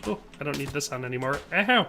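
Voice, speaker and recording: Man, game streamer, chatty, reads chat aloud, somewhat high pitch, bright forceful tone. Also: lively intonation, fast, gravelly, faint music behind. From Wisconsin, USA. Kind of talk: casual live-stream chat while gaming.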